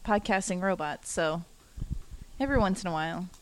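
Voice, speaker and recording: A woman's voice: lowish voice, fairly quick, background noise. A woman co-hosting a podcast in casual chat, joking and teasing the others, often laughing. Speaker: podcast co-host.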